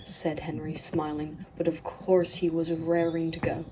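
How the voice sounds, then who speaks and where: A woman narrating a children's animated story in a clear, measured read-aloud manner. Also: deep voice, background noise.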